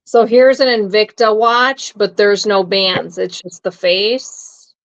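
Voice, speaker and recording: A woman co-hosting a live-stream auction, calmly describing the items she shows. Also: medium pitch, takes it slowly, dull audio. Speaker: co-host showing auction items. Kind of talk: casual live-stream commentary.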